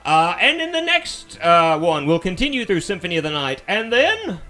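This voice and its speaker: Male game streamer, mild Southern US accent, easygoing and rambling, slightly higher voice. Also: big pitch swings, moderate pace, bright, forceful tone, faint music behind. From Alabama, US. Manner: chatty and rambling, easy-going. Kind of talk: casual live-stream chat while playing.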